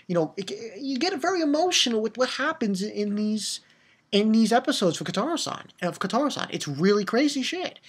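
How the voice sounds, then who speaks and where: Anime reviewer, casual episode recap, rambling, restarts a lot, emphatic, mid-pitched voice. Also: husky. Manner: rambling, with frequent restarts and fillers; emotional and emphatic about the story.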